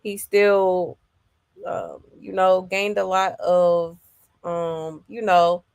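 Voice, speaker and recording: A woman with a low-set voice talks through a gossip livestream at an unhurried, drawn-out pace. She keeps it loose and chatty, sprinkling in "um" and "okay" as she reads viewer comments. The sound is close and dry. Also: little pitch movement, gravelly, darkish tone, clear, resonant tone, no echo. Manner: loose and chatty, full of "um" and "okay" check-ins. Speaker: celebrity gossip show host.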